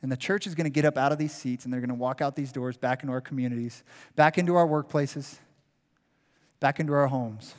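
A man preaching a sermon as pastor, animated and acting out what a crowd would shout. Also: mid-range voice, a little fast. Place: church sanctuary. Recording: long reverb of a large hall.

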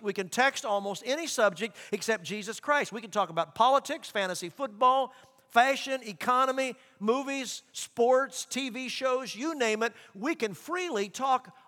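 A middle-aged man preaching a sermon as pastor, animated, acting out quoted voices. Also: very high voice. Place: large church sanctuary. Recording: long reverb of a large hall.

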